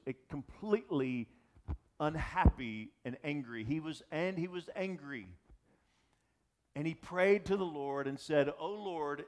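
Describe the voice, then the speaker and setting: A male pastor delivering a sermon, his voice sitting a little above the usual for a man. He preaches in an animated way, often restarting phrases and turning to the audience with quick asides. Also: a little high. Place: church or gathering space for young adults.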